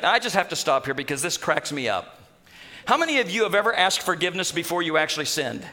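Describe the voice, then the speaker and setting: Bright high-voiced man preaching. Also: fast talker. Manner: animated, humorous storytelling of scripture. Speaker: pastor. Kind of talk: sermon.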